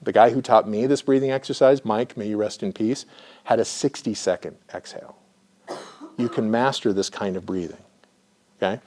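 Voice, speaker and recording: A man who works as a therapist, giving an educational lecture and demonstrating slow breathing, often checking in with "right?". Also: lowish voice, a little mellow. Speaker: therapist teaching a class.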